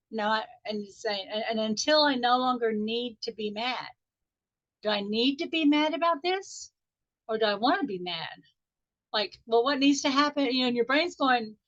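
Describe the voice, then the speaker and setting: A woman coach with a slightly high voice leads a group session over a video call. She guides a meditation slowly and softly, then teaches in a lively, conversational way. The call audio is dull and lo-fi. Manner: soft, unhurried guiding voice that turns chatty and animated when explaining. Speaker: life coach.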